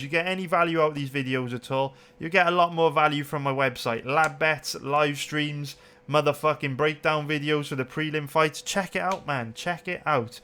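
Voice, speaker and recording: A man's voice: a little high, sharp tone, clear, resonant tone. A young man hosting a betting channel, giving a brash, profane and emphatic casual breakdown while calling his viewers boys.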